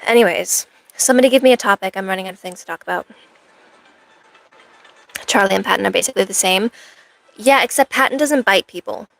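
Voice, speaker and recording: A woman's voice: medium pitch, a little fast, creaky, long pauses, fairly bright tone, no echo, low-quality recording. A woman chatting casually with viewers on a cosplay live stream, rambling along with playful, self-mocking asides.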